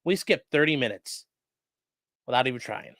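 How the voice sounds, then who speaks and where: A man's voice: mid-range voice, expressive, moderate pace, a bit bright, no echo. A man who is a defense attorney, giving loose, profane, chatty live-stream commentary on a trial.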